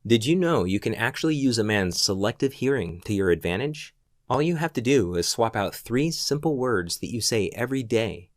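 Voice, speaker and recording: Male voice-over for a sales pitch, smooth and persuasive, mid pitch, dry close-mic sound. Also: animated, normal speed, no room sound. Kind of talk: scripted promotional voice-over.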